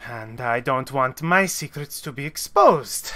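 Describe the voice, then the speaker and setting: A man voicing a stressed, sharp-tongued female smuggler ship captain who scolds and complains. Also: medium pitch, lively intonation, measured pace. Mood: exasperated. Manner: scolding, exasperated.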